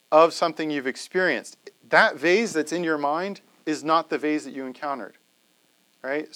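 A man's voice: medium pitch, fairly bright tone. A man giving a conversational classroom lecture to a live audience, often checking in with "right?".

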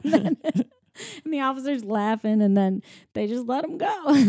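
A higher-pitched woman with a warm, mellow tone. She retells a movie scene by scene, slipping into voices for each character and laughing along the way. The sound is dry and close. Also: measured pace, no echo. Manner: animated storyteller, acts out lines, laughs often. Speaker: co-host recapping a film. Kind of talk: casual chat.

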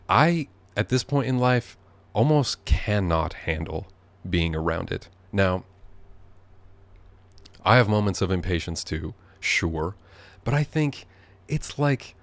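A very deep-voiced man hosting a podcast from his living room. He rambles sardonically and swears freely, drifting off into asides as he goes. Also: no room sound. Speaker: podcast host. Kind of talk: rambling comedic monologue.

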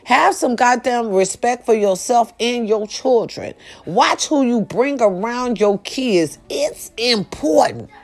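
A middle-aged woman chatting casually and loudly to her viewers, swearing freely and breaking into snatches of song. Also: fairly high pitch, slow, few pauses. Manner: loud, profane and animated, with sung snippets. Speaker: live-stream host.

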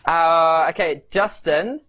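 A man's voice: a little high, takes it slowly, a bit bright, faint music behind. A man with a New Zealand accent asking quiz questions in a stumbling, self-deprecating way. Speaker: quiz host. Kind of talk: casual quiz interview.

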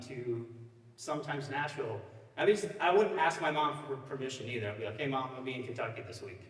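A middle-aged male pastor preaching in a loose, joking way, pulling listeners in with "you know what I mean?" His voice sits a bit high for a man. It rings through a large hall with long reverb, heard from some way off the mic. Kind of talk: sermon with personal storytelling. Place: church sanctuary. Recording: echoey church hall, mic at a distance.

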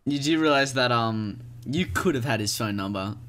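A young man co-hosting a podcast, talking casually and teasing his partner with loud joking outbursts. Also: medium pitch, moderate pace. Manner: teasing, interrupts, bursts into loud jokey outbursts. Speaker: podcast co-host. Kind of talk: casual chat.

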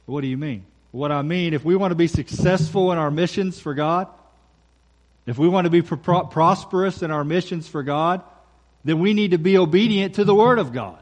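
A man preaching a sermon as pastor, emphatic, repeating key phrases and slowing down for scripture. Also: on the high side, a little mellow.

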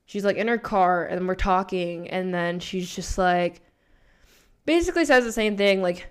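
A woman, a spiritual coach and tarot reader, telling a story in casual chat, animated and laughing, with many "like" fillers. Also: medium pitch, moderate pace, smooth.

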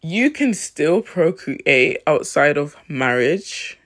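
A man giving a reflective talk on faith, thinking aloud with pauses and restarts. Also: a little high, sing-song, fairly bright tone. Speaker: Christian vlogger.

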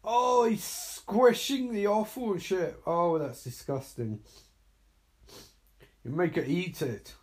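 A man's voice: high-pitched, slow. A man giving live reaction commentary on a horror movie, sarcastic and exasperated, swearing freely.

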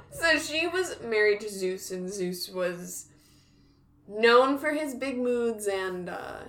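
A woman's voice: fairly high pitch, sing-song, extremely slow, fairly bright tone. A woman in casual chat, laughing often and restarting her sentences as she talks. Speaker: podcast co-host.

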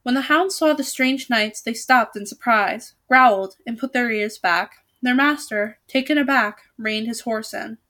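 A woman's voice: a little high, unhurried, hardly any pauses, bright, forceful tone. A woman reading a novel aloud, with casual asides and frequent self-corrections. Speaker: storybook reader.

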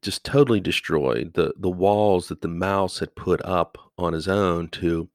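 A man hosting his own podcast as a high school teacher, talking through a poem in a rambling, conversational way with frequent pauses. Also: a little mellow, no room sound, clean studio sound. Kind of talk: casual podcast monologue.

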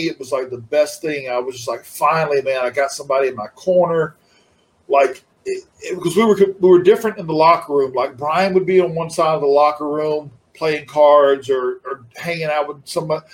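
A former wrestler, middle-aged, talks casually as an interview guest in a fairly high voice, laid-back and rambling with many restarts. The audio quality is poor.

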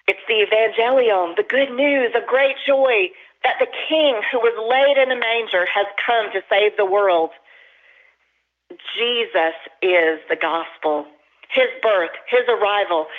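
Pastor, sermon, earnest preaching, slows down for emphasis, middle pitch, phone-like tinny sound. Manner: earnest preaching, slowing down to stress key phrases.

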